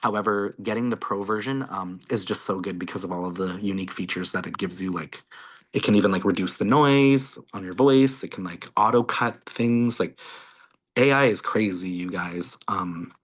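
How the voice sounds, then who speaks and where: A man's voice: sits low, normal speed. Chatty man gushing on a video call. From Canada. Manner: chatty, gushing, lots of "like" and "you guys". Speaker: guest content creator. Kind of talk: casual chat on a video call.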